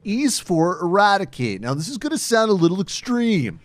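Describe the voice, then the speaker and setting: A man doing a peppy infomercial pitchman. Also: big pitch swings, normal speed, no room sound. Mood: hyped. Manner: salesy, hyped-up patter. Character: peppy male infomercial pitchman, over-eager.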